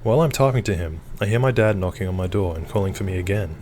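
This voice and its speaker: A man's voice: sits low, quick pace, a little mellow, slight background noise. A young man reading a visual novel aloud and adding easygoing asides. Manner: easygoing asides between narration. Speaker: game reader and let's player.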